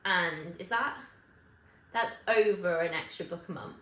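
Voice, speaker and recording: A woman vlogging to camera in casual chat, rambling and correcting herself with quick asides. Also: fairly low pitch, a bit bright. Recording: echoey room with faint ambience.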